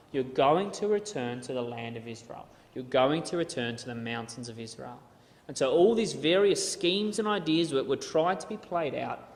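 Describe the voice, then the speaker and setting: A man giving a conversational Bible talk with slides, often repeating words and restarting as he reads quotes aloud. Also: on the high side. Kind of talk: casual lecture with slides. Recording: echoey hall with long reverb.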